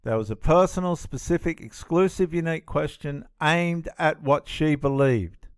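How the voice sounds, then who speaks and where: A man's voice: a little high, moderate pace, clear, resonant tone, no room sound, studio quality. A man giving indignant, emphatic reaction commentary on a clip, often repeating himself.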